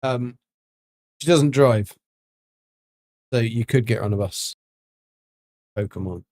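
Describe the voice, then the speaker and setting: A man's voice: medium pitch, slow pace, darkish tone, no room sound, studio quality. A man chatting casually on a gaming livestream, rambling with many ums and restarts. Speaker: livestreaming gamer.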